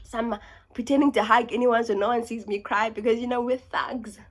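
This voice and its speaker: A young woman from South Africa with a South African accent, telling a story in a casual vlog, talking fast and animated and dropping into whispers. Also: fairly high pitch. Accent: South African English. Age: young adult. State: sick. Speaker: YouTuber.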